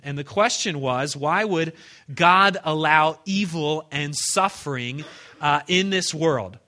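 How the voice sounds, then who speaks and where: A male pastor preaches with a bright, forward tone sitting slightly high for a man. He tells stories earnestly, often restarting phrases, and drops quiet on his key lines. He speaks to his congregation in a church. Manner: earnest storytelling with frequent restarts, dropping soft on key lines. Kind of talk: sermon.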